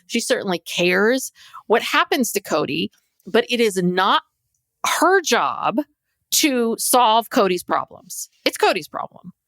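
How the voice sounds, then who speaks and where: A woman co-hosting a podcast in casual chat, animated and acting out what others said. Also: a little high, slow pace, dry recording, clean studio sound. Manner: animated, acts out quotes of others. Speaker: podcast co-host.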